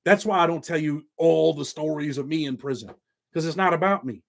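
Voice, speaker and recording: A middle-aged man talks straight to his viewers in a blunt, streetwise manner, with a voice that sits a little high for a man. He swears freely and keeps it loose and conversational. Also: a little fast, creaky. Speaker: YouTube channel host. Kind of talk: casual monologue to viewers.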